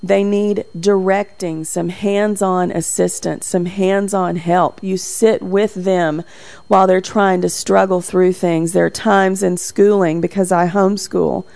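A woman's voice: medium pitch, flat delivery, measured pace, gravelly, darkish tone. A middle-aged woman giving a talk on raising children, telling stories from home and acting out what she said to her kids. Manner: anecdotal, acts out quotes with livelier voice. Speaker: parenting speaker. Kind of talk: talk on parenting.

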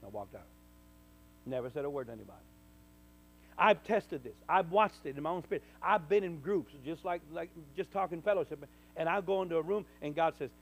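A man, a minister, telling a personal testimony in conversation, full of restarts and sudden loud bursts. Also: a little high, a little fast, low-quality recording. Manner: animated storyteller, stammering restarts, bursts loud when quoting. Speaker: minister, guest.

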